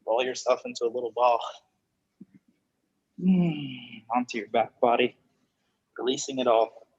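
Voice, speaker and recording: A man guiding a yoga class through postures and breathing, with calm, slow spoken cues and spiritual phrasing. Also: medium pitch, breathy edge, dry recording, muffled recording. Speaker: yoga instructor. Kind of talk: guided yoga class instruction.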